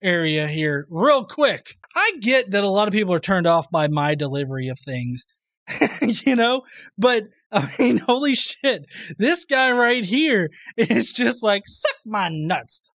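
A man's voice: high voice, expressive, a little slow, a bit bright, no room sound. Sarcastic profane male commentator. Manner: sarcastic, profane, laughing often. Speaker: commentary video host. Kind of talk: reaction commentary.

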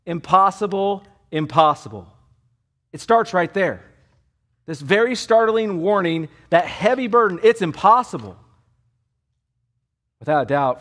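A man's voice: on the high side, fairly bright tone. A man preaching an expository sermon as pastor, emphatic and repeating key words for weight, with a Californian English accent.

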